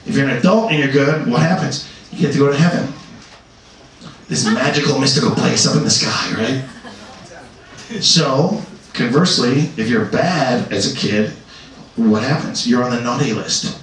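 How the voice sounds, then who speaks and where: A young man doing a crude stand-up comedy set in a comedy club, often jumping into shouted voices. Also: medium pitch, normal speed, pauses often, a little hiss or hum. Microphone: handheld stage mic. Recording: echoey club from far off, crowd.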